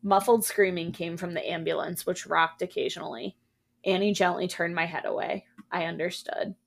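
Woman, hushed horror storytelling, low voice, gravelly fry. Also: normal speed. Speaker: podcast co-host reading a story. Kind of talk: reading a horror story aloud.

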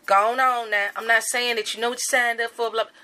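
Woman, bright forceful voice, slightly high; impassioned commentary. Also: level tone, a little fast. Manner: angry, emphatic and repetitive. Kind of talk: impassioned monologue.

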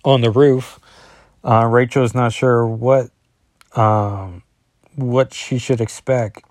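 A man's voice: medium pitch, steady tone, slow, darkish tone, no room sound, studio quality. A man in his forties, casually recapping a comic book in a rambling way with asides. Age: 40s.

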